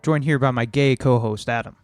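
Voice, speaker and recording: A man's voice: medium pitch, a little fast, faint music behind. A man co-hosting a podcast, chatting casually in a laid-back, joking way. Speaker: podcast co-host. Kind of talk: casual chat.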